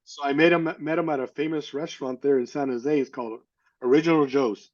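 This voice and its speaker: A man's voice: a little high, fairly even intonation, a little fast. A middle-aged man telling a personal story in an interview, candid and earnest, often stopping to restart and repeat his words. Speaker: interview guest. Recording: slightly dull lo-fi audio.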